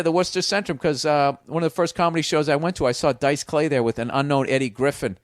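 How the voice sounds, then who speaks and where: A man telling a long story in a casual podcast chat, rambling and profane, dropping into quick impressions of other people. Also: fairly high pitch, fairly even intonation, dry recording, studio quality. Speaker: comedian guest. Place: small home studio.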